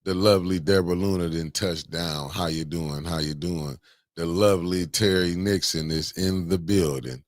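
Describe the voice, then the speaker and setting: A man hosting a casual morning livestream, greeting viewers by name with slangy, animated banter. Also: low-pitched, moderate pace, no room sound, clean studio sound. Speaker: livestream host.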